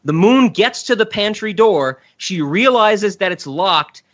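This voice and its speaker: A man's voice: sits high, lively intonation, slow pace, a bit bright. A man hosting a casual podcast, enthusiastically retelling a cartoon scene in a rambling way. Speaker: podcast host. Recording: dull lo-fi sound.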